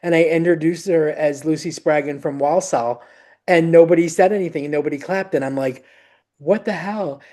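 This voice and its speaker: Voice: medium pitch, fairly even intonation, a little fast, dark tone. A podcast host chatting casually, rambling and searching for words with many fillers. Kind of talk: casual interview chat.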